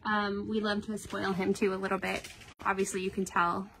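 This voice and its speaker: A woman's voice: mid-range voice, level tone, moderate pace, vocal fry, fairly bright tone, slight background noise. A woman hosting a casual livestream from inside a cat shelter, chatty and upbeat as she reads out donations. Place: cat shelter room indoors. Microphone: phone.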